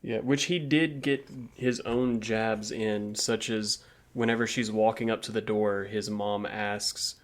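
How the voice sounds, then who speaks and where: Lowish guy on a book podcast, chiming in and reading bits out. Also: fairly even intonation, a little slow. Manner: adds remarks and short agreements. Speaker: podcast co-host. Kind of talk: casual book discussion.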